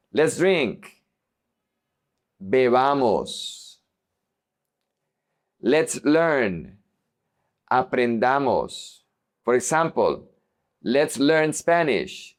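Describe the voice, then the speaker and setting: Speaking slowly and deliberately, a male Spanish teacher models each example word and repeats it for his learners. His middle-range voice swings widely in pitch.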